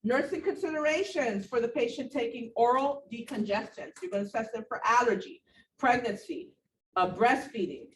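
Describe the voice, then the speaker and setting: Animated woman lecturing in an echoey room. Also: a little high, normal speed, recorded from a distance. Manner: animated, repetitive emphasis, talks to students directly. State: out of breath. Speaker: nursing instructor. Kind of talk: classroom lecture. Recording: echoey room, voice from afar, faint background noise.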